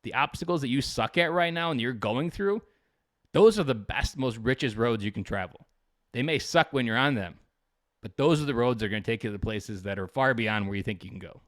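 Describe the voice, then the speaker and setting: A Marine veteran in his thirties talks with blunt, profane intensity, like a motivational speaker pressing his point. His voice is mid-pitched and sits in a dead, dry sound with no room around it. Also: fairly quick, a bit bright, dry recording. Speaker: podcast guest, Marine veteran.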